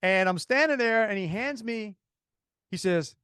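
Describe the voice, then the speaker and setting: Animated Cajun man telling a story. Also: sits high, a little slow, smooth, no room sound, clean studio sound. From Louisiana. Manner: animated, rambling storyteller with many restarts. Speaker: podcast co-host. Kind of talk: casual storytelling.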